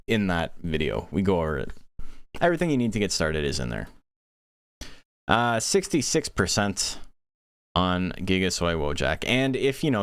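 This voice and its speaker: A man giving casual play-by-play commentary on a monster-raising game tournament, chatting quickly and answering questions from chat. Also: low voice, clean tone, dry recording.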